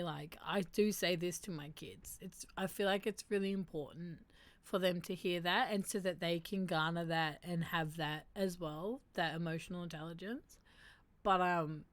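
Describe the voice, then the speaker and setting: A woman's voice: lowish voice, fairly even intonation, normal speed, no echo. A woman hosting a casual stream, reading statements aloud and reacting candidly and emotionally. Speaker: streamer host. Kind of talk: casual reflective stream chat.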